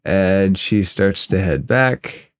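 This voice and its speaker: A man's voice: deep voice, animated, slow, smooth, no echo, clean studio sound. A man narrating a tabletop game as game master, easygoing and descriptive.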